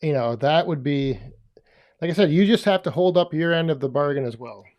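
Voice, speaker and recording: A man's voice: a little high, animated, brisk, lo-fi sound. A man co-hosting a casual podcast, talking in an easygoing way and chuckling often. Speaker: podcast co-host.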